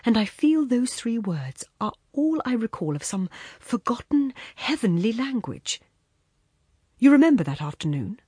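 A woman's voice: a little high, very animated, a little slow, dark tone, breathy edge, dry recording, studio quality, voice pushed up, exaggerated voice. A woman reading the lines of a wistful, self-assured man in an audiobook story, reminiscing and lightly boastful.

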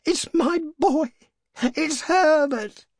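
A male reader voicing a desperate, grieving old mother in an audiobook reading, crying out and pleading in a shrill voice. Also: extremely slow, no room sound, studio quality, heavily acted.

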